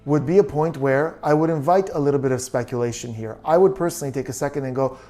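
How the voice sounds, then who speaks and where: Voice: medium pitch, fast, mellow. A body language analyst giving true crime video commentary, reasoning through details and asking many questions.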